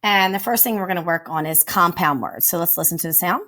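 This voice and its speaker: A woman's voice: lowish voice, quick pace, sharp tone. A woman teacher giving a recorded phonics lesson to young children, patiently sounding out each word. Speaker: elementary teacher.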